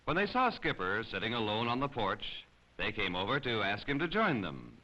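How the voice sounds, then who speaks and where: Brief: male storybook narrator, expressive, bright tone, lo-fi sound. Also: lowish voice, moderate pace. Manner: expressive, animated. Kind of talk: children's storybook reading. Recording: slightly dull lo-fi recording.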